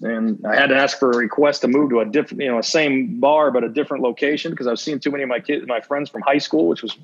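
A man who works as an assistant football coach joins a podcast for an informal interview, speaking frankly and acting out conversations from his past. He talks fast at a medium pitch with fairly even intonation. The audio is dull and lo-fi.

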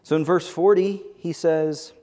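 Brief: male pastor, slightly high voice, sermon with long hall reverb, earnest and building with energy. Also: unhurried. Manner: earnest, building to excited bursts. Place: church sanctuary. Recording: long echo of a large hall.

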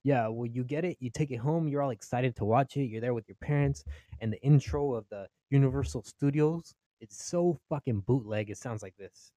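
A man's voice: mid-range voice, normal speed, dark tone, dry recording, clean studio sound. A young Mexican-American man doing stand-up comedy, swearing freely, laughing at his own jokes and acting out his family.

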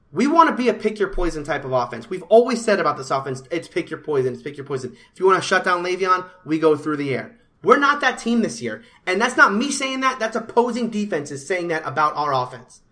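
A man's voice: sits high, pushed and bright. A man hosting a sports talk show, ranting about his football team with frustrated, repetitive emphasis. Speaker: sports podcast host. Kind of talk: opinionated sports talk rant.

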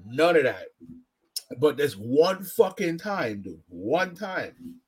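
A man with a slightly raised, husky voice chats casually as co-host. His pitch swings widely, and he is animated and profane, swearing freely as he goes. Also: slow pace. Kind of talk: casual chat.

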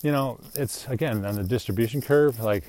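A man's voice: mid-range voice, brisk, warm tone, slight background noise. A man hosting his own podcast, talking in a rambling, reflective, self-deprecating monologue. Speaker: podcast host.

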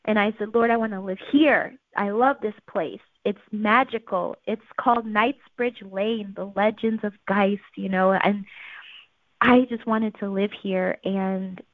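A woman telling her life story in an earnest, animated way, acting out the quotes. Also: mid-range voice, unhurried, no room sound. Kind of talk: personal storytelling. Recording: tinny phone-like sound, dry.

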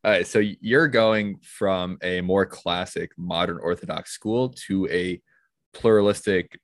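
A man hosting a casual podcast, playfully running segments and firing off quick questions. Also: low voice, fairly even intonation, no room sound, clean studio sound. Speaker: podcast host.

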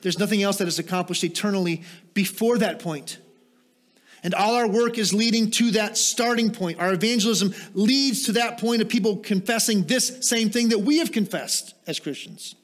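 A man preaching a sermon, asking rhetorical questions and moving into quiet, explanatory teaching with small self-deprecating asides. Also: high voice, moderate pace. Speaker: pastor.

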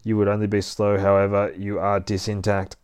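A man voicing a stoic robot ninja hunter who speaks in flat, blunt, clipped statements. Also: on the low side, a little fast, smooth, close to an everyday voice.

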